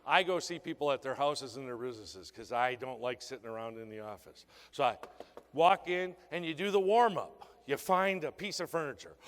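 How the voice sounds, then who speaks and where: A man's voice: a little high, animated, moderate pace. A man giving a motivational sales talk to a seminar audience in a conference hall, firing punchy rhetorical questions at the crowd. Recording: long reverb in a large hall.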